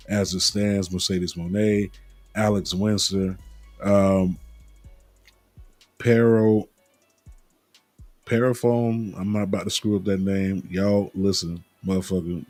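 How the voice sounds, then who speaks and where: Low-voiced man hosting wrestling talk. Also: flat delivery, a little slow, long pauses, darkish tone, dry recording, soft background music. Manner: joking, laughs at his own flubs. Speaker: podcast host.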